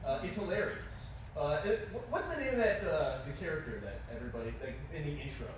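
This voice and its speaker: A man hosting a live comedy talk show on a club stage, excitable and laughing as he interviews a guest. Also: a little high, fast talker. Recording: echoey room, far mic, loud noise.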